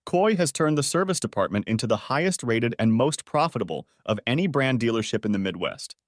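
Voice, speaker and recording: A man reading a first-person story aloud as an audiobook narrator. His delivery is lively, with a wide pitch swing, and the recording is dry and close with no room sound. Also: dry recording.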